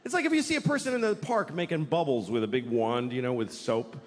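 A man's voice: mid-range voice, fast. A man doing stand-up comedy on a large stage, ranting in a profane, exasperated way. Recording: long hall reverb, faint noise.

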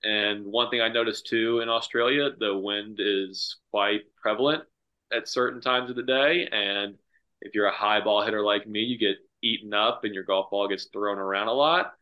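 A man's voice: fairly low pitch, steady tone, normal speed. An American man from the north-east USA, a golf professional guest, telling stories casually and saying "like" constantly. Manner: rambling, says "like" constantly. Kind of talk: casual podcast conversation. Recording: dull lo-fi sound.

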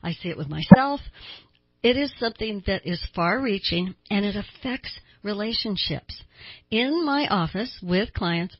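A woman's voice: medium pitch, breathy edge, no room sound, muffled recording. A woman therapist hosting a radio talk show, explaining things earnestly with small laughs.

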